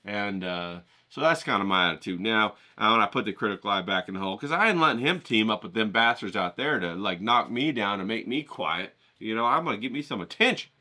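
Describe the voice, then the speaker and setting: A middle-aged man rambling casually to his viewers, profane and animated, acting out the voices of the people he quotes. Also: fairly low pitch, brisk, few pauses. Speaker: vlogger painting outdoors.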